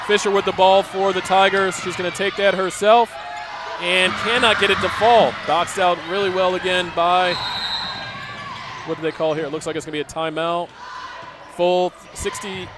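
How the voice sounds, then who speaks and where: A man calling a high school basketball game play by play, with excited calls and chatty asides. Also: normal speed. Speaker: play-by-play announcer. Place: school gym broadcast booth. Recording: noisy gym ambience behind.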